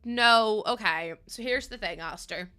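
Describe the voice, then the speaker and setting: Young woman, streamer, giggly, rambling, tired, very sharp, higher voice. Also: animated, normal speed. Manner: chatty, giggly, rambling asides to chat. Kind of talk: casual live-stream chat while playing.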